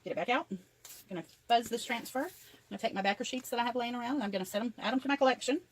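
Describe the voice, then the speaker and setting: A woman's voice: on the high side, racing, noisy background. An older woman chattily narrating each step of a craft tutorial as she works. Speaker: craft vlogger.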